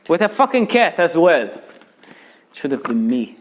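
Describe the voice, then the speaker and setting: A man's voice: fairly high pitch, very animated, unhurried, a little hiss or hum. A young man reading a crude comic story aloud, breaking off for mocking asides to the listener. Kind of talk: mock bedtime story reading.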